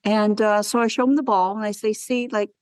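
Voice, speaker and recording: A woman talks as a guest on a wellness podcast and tells her stories with animated, acted-out dialogue. Her voice sits at a middle pitch. It is recorded dry and close, with no room sound. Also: brisk, no echo. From Canada. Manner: animated storyteller who acts out dialogue. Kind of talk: podcast interview.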